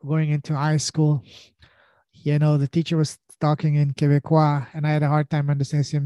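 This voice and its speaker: A man's voice: on the high side, completely flat delivery, fairly quick, warm tone, dry recording. A man, a podcast guest chatting casually with frequent restarts and fillers. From France. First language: French. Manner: rambling, many restarts and fillers. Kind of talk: casual conversation.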